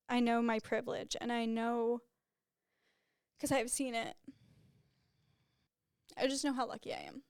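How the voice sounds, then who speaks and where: With a fairly high, clean voice recorded dry at studio quality, a young woman talks candidly on her own podcast. Her casual solo monologue is chatty, packed with "like" fillers and punctuated by laughs.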